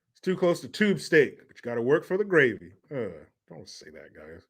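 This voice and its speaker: A man's voice: medium pitch, wildly swooping pitch, moderate pace, creaky, slightly rough. A man from the United States chatting casually as a live streamer, rambling and joking, swearing freely. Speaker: live streamer reading donations. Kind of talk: casual chat.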